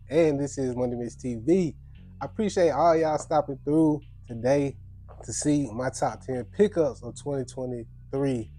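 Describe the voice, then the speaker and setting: A young man with a stuffy, congested voice talks through a casual video recap in easygoing slang. His tone is dark and mellow, with faint music behind him. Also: medium pitch. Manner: laid-back slangy chatter. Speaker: sneaker vlogger.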